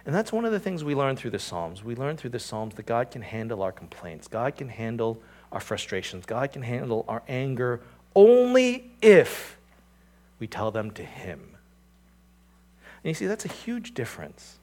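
A man delivering a sermon in a mid-range voice, talking to the congregation with frequent asides. His delivery rises into loud, emphatic swells and then sinks back to a quiet, earnest hush. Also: mid-range voice, sing-song, moderate pace. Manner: earnest, rising to emphatic peaks and dropping to quiet; conversational, with "you know" and "right?" asides. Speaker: pastor.

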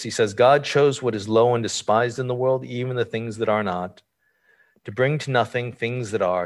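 Man preaching a conversational sermon. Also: mid-range voice. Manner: informal, asks rhetorical questions, frequent fillers.

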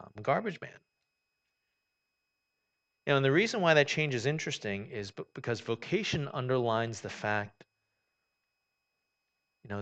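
A male pastor giving a conversational sermon, dropping soft and low at times, then lifting to emphatic stress. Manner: conversational preaching, swings from quiet to emphatic.

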